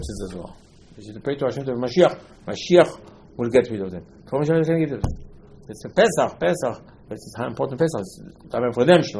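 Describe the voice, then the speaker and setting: Man teaching a Torah lesson in halting English. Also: medium pitch, darkish tone, poor audio. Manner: repeats and asks rhetorical questions; broken, non-standard English phrasing.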